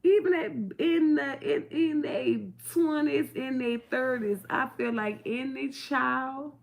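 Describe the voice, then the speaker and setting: Gravelly blunt middle-aged woman. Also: sits high, a little mellow. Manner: preachy, blunt and profane, full of rhetorical questions. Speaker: vlogger. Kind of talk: casual talk to camera.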